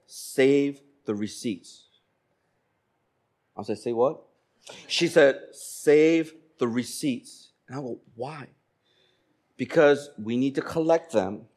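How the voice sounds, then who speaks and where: A man in his forties, from Korea, preaching a sermon and telling stories with animated voices for the people in them. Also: mid-range voice. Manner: animated storytelling, acting out dialogue. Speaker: pastor.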